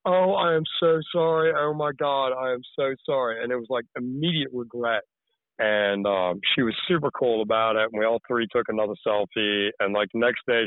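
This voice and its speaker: A man's voice: fairly low pitch, no room sound. Tinny-sounding rambling male storyteller. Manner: rambling, candid storytelling with many fillers. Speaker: podcast guest, tree care worker. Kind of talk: casual conversation.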